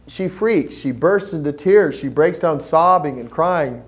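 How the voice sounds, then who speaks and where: A man giving a training talk to volunteers, telling stories in a preacherly, animated way. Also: on the high side, a little slow, few pauses. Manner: preacherly, storytelling, lively acted quotes. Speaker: pro-life petition trainer.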